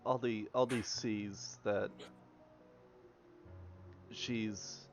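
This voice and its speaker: A man narrating his character's actions in a tabletop game, measured and descriptive. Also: lowish voice, steady tone. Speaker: player. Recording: muffled lo-fi with music behind.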